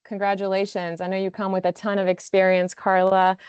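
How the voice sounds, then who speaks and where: A woman's voice: medium pitch, completely flat delivery, fairly quick, clear, resonant tone, no room sound, dull audio. A woman announcing award winners on a video call, speaking with emotion and lots of "um" between her words. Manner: emotional, filler-heavy, warm praise with frequent "um". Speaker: award presenter.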